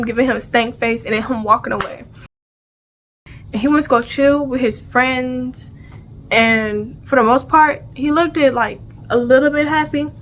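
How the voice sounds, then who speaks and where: A woman's voice: a little high, a little hiss or hum. A woman telling a storytime vlog in casual slang, acting out the sounds and dialogue as she goes. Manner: animated, acts out sounds and dialogue; casual slang, repeats phrases. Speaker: vlogger.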